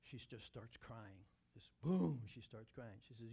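A man, a pastor, telling a story in a sermon, animated and acting out the scene. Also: medium pitch, a little slow, vocal fry, few pauses, slightly rough.

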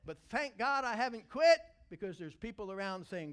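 A man preaching a sermon as pastor, telling animated stories and breaking into loud excited shouts. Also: high-pitched, a little fast, hardly any pauses.

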